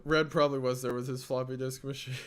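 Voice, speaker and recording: A man with a faint Southern US accent chatting casually on a livestream, rambling with small restarts. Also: medium pitch. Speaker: streamer.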